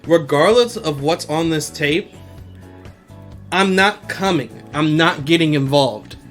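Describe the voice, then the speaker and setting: Dude playing a blunt slangy tough guy buddy, kinda high voice, faint guitar behind. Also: slow, a bit bright. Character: loud young male tough-guy friend.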